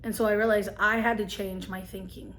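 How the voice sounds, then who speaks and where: A woman, telling a personal story and giving gentle, earnest advice to camera as a vlogger. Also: mid-range voice, little pitch movement, brisk. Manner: earnest, gentle, emotional at times.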